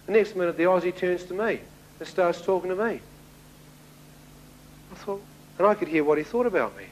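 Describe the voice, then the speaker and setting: A man giving a spoken testimony to an audience, telling his story in an animated way and acting out the dialogue. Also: high voice, normal speed, a little hiss or hum, poor audio. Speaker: speaker giving a personal testimony.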